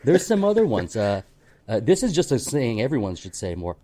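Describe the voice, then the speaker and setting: A man's voice: mid-range voice, big pitch swings, a little fast, dark tone. A man co-hosting a movie podcast, talking casually with many fillers and restarts. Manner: rambling, full of fillers and restarts, reads out phrases. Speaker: podcast co-host.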